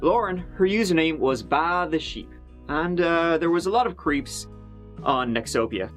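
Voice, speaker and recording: A man narrates a true crime case in a relaxed, conversational voice-over. He wanders into fillers and dry asides but keeps the story moving, sounding like someone talking rather than reading. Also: on the high side, normal speed, faint music behind.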